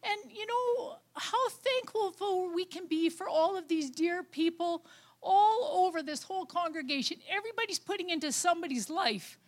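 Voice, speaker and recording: A woman's voice: very high-pitched, normal speed. An older woman, a grandmother, giving an informal, heartfelt talk at church, rambling with many fillers and restarts. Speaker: lay speaker at church.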